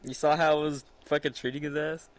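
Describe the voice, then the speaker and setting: A man trading jokey, excitable banter with a friend during casual gameplay chat. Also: a little high, a little fast. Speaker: gaming friend.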